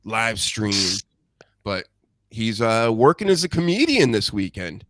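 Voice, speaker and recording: A man's voice: on the low side, big pitch swings, unhurried, a bit bright, no room sound, studio quality. A man from New England hosting a live-stream show, chatting bluntly with crude jokes. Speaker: host. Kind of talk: casual live-stream chat.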